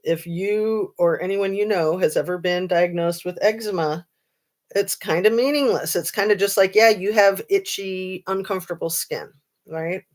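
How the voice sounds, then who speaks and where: A woman's voice: medium pitch, normal speed. A woman hosting a casual true-crime livestream, chatting and reading viewer comments with lots of ums and a sarcastic streak.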